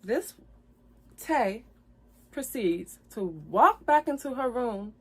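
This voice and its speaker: A woman's voice: fairly high pitch, sing-song, slow, long pauses, slightly rough. Upset woman recounting a breakup. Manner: addresses viewers directly, repeats phrases, grows loud and heated when recounting fights. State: upset, near tears. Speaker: streamer telling her side of a breakup. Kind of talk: emotional live-stream storytelling.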